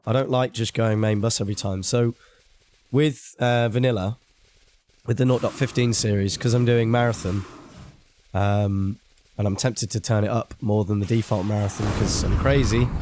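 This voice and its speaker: A man talks his way through a game on a live stream, wandering between thoughts and poking fun at himself. His pitch sits in the ordinary middle range. A steady hiss of background noise runs under the voice. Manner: rambling, self-deprecating chatter while playing. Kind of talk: casual live-stream commentary.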